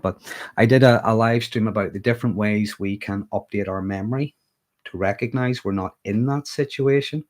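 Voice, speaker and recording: A man with a Northern Irish accent and a fairly low voice talks casually to a livestream audience. He keeps a conversational flow and checks in with a quick "okay?" as he goes. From Northern Ireland. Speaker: mental health livestreamer.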